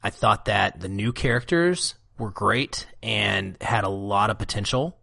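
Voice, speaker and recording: A low-pitched man with a gravelly, creaky edge to his voice, chatting as a podcast co-host. He talks in a relaxed, reflective way, close to the mic in a dry, dead room. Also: unhurried, no echo. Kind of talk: casual podcast chat.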